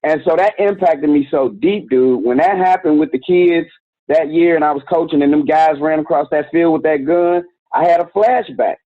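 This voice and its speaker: A man's voice: fairly high pitch, moderate pace, dry recording. Guy in his 40s telling his story, laid back and slangy, tinny phone sound, dry. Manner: candid, conversational, slangy. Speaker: youth organization director, guest. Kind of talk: casual storytelling interview.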